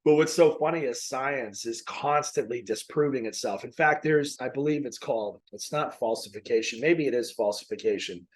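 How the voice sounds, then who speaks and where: Male podcast host, mid-pitched, loose rambling delivery with restarts, a bit winded. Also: normal speed, hardly any pauses, low-quality recording. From Maine. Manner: rambling, self-correcting. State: a little out of breath. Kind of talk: casual faith talk.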